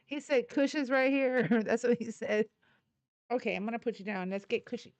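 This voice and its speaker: A woman's voice: on the high side, brisk, darkish tone, no echo, dull audio. A woman hosting a casual livestream, chatting with viewers and talking affectionately to her dogs. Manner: affectionate baby talk to her dogs, laughing often. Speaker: livestream host.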